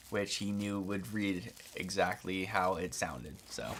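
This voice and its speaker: A man's voice: deep voice, unhurried, slight background noise. A man hosting a live stream, chatting casually and replying briefly to viewer messages while he draws. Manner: relaxed, replies briefly to viewer chat.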